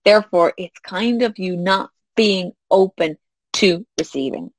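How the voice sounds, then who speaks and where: Unhurried and mid-range in pitch, a woman speaks to listeners as a casual business coach, with no echo in the audio. She's animated, mimicking little quoted back-and-forths with laughs.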